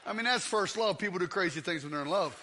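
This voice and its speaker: A man's voice: sits high, expressive, quick pace, sharp tone. A man in his fifties preaching a sermon in a church, telling comic stories and acting out scenes. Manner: comic storytelling, acts out scenes. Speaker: pastor.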